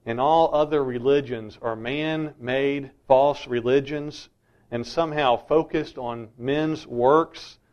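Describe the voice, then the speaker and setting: Slow, emphatic preaching man. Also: medium pitch, steady tone, darkish tone, dull audio. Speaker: pastor. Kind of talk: sermon.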